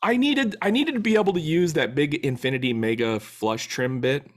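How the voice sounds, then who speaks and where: A man's voice: a little high, moderate pace. A man co-hosting a woodworking podcast, chatting casually and rambling through stories with lots of filler words. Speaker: podcast co-host. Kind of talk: casual chat.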